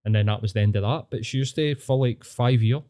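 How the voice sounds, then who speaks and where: A Scottish man with a mellow, medium-pitched voice talks fast. He hosts a podcast and tells rambling stories in casual chat, swearing freely.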